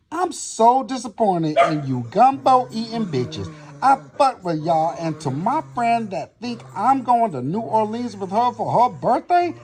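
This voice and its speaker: Man ranting in a lively sing-song. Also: very high voice. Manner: insulting, cursing, theatrical threats. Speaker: social media poster. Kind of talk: angry profane rant.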